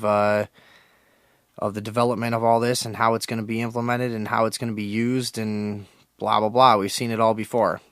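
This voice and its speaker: Crude, swearing radio host. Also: male voice, fairly low pitch, a bit bright, dry recording, clean studio sound. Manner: crude, loose, swearing, mock-aggressive with callers. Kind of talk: profane call-in radio talk. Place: small radio studio.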